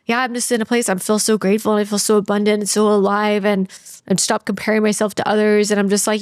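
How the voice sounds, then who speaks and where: A woman's voice: medium pitch, little pitch movement, fast, smooth, no room sound. A woman in her thirties, a podcast guest, talking candidly and earnestly about her life, close to tears, with many "like"s. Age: 30s. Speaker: podcast guest, sales trainer. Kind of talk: candid interview talk.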